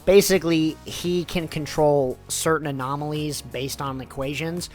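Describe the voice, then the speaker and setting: A man's voice: a little high, steady tone, moderate pace, soft background music. A man giving a loose, rambling spoken summary of a story, full of fillers and swearing. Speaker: YouTuber summarizing light novels.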